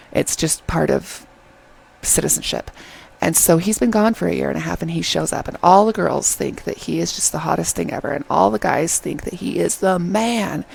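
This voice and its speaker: A woman chatting through a casual video review, retelling scenes in an animated way and often checking in with "okay?". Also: on the low side, creaky, slight background noise, poor audio. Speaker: drama reviewer.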